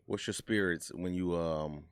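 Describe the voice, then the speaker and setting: A man's voice: low-pitched, steady tone, unhurried, clean tone, no room sound. Easygoing man hosting, dry sound. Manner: easygoing, affirming interjections. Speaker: host. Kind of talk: casual interview.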